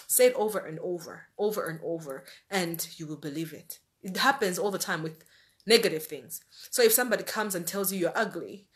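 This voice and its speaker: A woman's voice: fairly low pitch, lively intonation, brisk, fairly bright tone. A woman giving an earnest, conversational motivational talk rooted in faith, repeating phrases for emphasis. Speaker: life-planning speaker.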